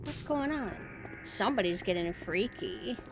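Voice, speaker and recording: A young woman streaming a horror game, chatting casually and excitably as she plays. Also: mid-range voice, a little slow, noisy background. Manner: chatty, excitable, cheering her dog on. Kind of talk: casual gameplay commentary.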